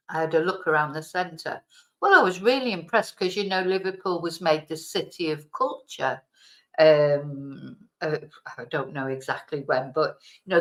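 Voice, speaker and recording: A woman's voice: lowish voice, fairly bright tone. A woman from Manchester, with a light Manchester accent, chatting casually to camera, rambling and correcting herself as she goes, with a laugh now and then. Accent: Mancunian, softened. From Manchester, England. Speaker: vlogger. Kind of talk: casual chat. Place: home, lives in Spain.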